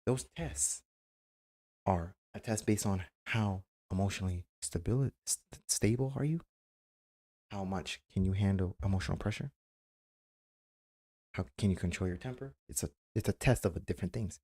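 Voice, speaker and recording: A man's voice: sits low, moderate pace, pauses often, a little mellow. A man streamer giving casual, emphatic advice, repeating himself and acting out quoted remarks. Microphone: webcam mic.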